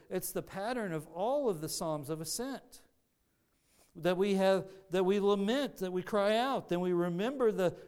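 Earnest high-voiced male preacher. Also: a little mellow, smooth. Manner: earnest, teaching with many restarts. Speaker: pastor. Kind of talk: sermon.

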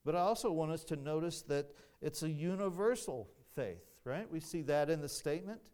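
A man preaching a sermon as pastor, deliberate and emphatic, often repeating and restarting his phrases. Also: a little high, lively intonation, a little mellow, smooth.

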